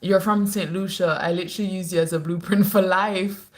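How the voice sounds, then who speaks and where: A woman talks into her phone late at night during a casual livestream. Her voice sits a little low for a woman, but she playfully jumps up high and then drops into low, dry asides as she reads comments. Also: fairly quick. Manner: animated, teasing, laughs often, swings between high playful and low asides. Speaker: livestream host. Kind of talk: casual live-stream chat reading comments.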